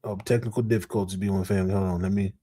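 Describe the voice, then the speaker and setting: A man hosting a reaction commentary show, talking in a slangy, animated way straight to his audience. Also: low-pitched, rapid-fire. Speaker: host.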